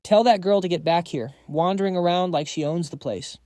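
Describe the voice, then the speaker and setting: A man voicing a greedy, scheming uncle who is sly and quick to snap. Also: high voice, darkish tone, dry recording, voice pushed up, natural voice. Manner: sly, snapping.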